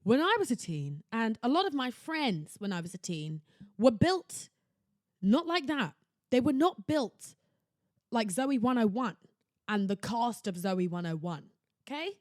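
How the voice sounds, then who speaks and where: Her voice is on the high side with big pitch swings and a measured pace. A young podcast host, she delivers a theatrical, sarcastic casual solo rant about shopping, recorded dry and clean despite a laptop setup at home.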